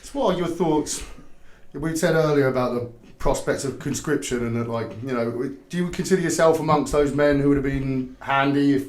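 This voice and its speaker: A man hosting a casual interview, agreeable and relaxed, with frequent short replies. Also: mid-range voice, moderate pace, roomy sound. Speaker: podcast host.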